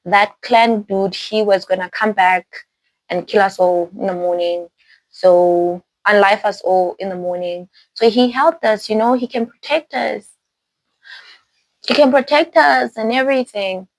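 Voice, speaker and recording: A woman's voice: medium pitch, a little slow, natural voice, poor audio. A woman voicing a male vampire twin in a film recap, pleading urgently in a raised voice.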